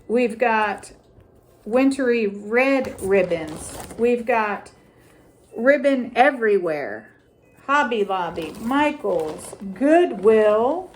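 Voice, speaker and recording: A middle-aged woman with a high voice walks through a craft tutorial at an unhurried pace. She talks casually and deliberately, repeating phrases as she holds up ribbons and ornaments. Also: slight background noise. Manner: slow, deliberate, repeats phrases while showing items. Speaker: crafting vlogger.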